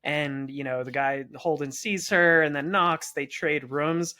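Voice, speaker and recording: A man with a fairly high-pitched voice co-hosting a relaxed film podcast. He talks chattily, quotes dialogue from films and laughs often as he goes. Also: a little slow. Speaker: podcast co-host. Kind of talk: casual chat.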